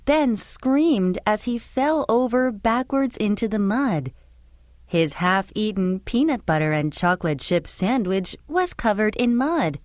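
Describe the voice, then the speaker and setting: A woman narrating a children's storybook in a clear, expressive way. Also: medium pitch, unhurried, no echo, studio quality.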